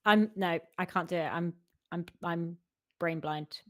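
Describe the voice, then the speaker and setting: A young woman co-hosts a casual language lesson as the learner, repeating each word back and laughing at her own slips. She speaks slowly in a fairly low voice. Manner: repeats words back, laughs a lot, self-deprecating. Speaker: learner co-host.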